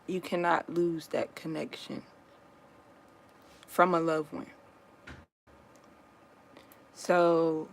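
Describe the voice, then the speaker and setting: A woman talking casually to her viewers in an earnest, comforting and reflective way, pausing often and restarting her sentences. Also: deep voice, little pitch movement, vocal fry, poor audio. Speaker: vlogger sharing a personal story.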